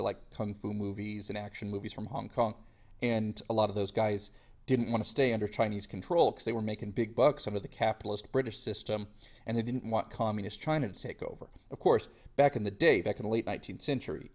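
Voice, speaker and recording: A man's voice: fairly low pitch, a little mellow. A male history teacher giving a chatty, self-deprecating classroom lecture.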